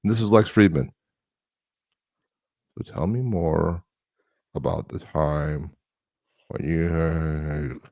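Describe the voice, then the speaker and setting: A man co-hosting a live-stream show, talking in a rambling, chatty way with lots of restarts. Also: deep voice. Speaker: co-host. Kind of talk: casual live-stream chat.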